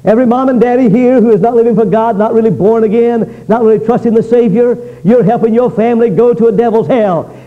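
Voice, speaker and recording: A man preaching a fiery revival sermon, swinging between loud pleading and low, intense warnings. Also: fast talker, phone-quality sound.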